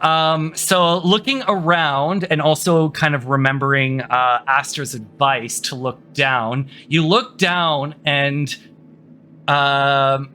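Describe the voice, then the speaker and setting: Bright-voiced male dungeon master. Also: medium pitch. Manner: casual, with fillers. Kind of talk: narrating a tabletop game.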